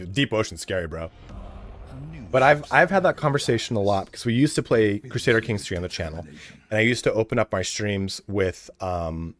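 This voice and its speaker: A man's voice: on the low side, no echo. A man from California with an American accent ranting casually on a livestream, swearing and laughing a lot. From California, USA. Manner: profane, rambling, laughs often. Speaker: streamer.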